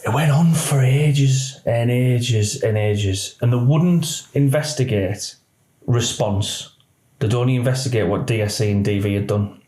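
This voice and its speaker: A man, a retired police officer telling a personal story in halting speech that often quotes others. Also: mid-range voice, warm tone. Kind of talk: emotional personal account. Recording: roomy echo.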